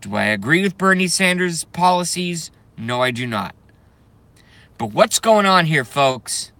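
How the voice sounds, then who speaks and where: A man from the United States delivering an angry, profane rant to camera, breaking into shouted bursts. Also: fairly high pitch, big pitch swings, a little slow, dry recording. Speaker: vlogger.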